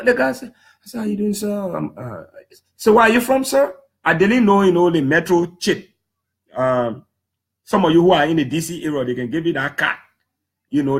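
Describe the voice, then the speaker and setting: A man in his thirties with a Liberian English accent, telling stories to a public audience in an emphatic, lively way. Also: high-pitched. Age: 30s. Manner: lively, emphatic, slips into quoting others in put-on voices. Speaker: human rights defender speaking to the public. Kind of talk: animated storytelling talk.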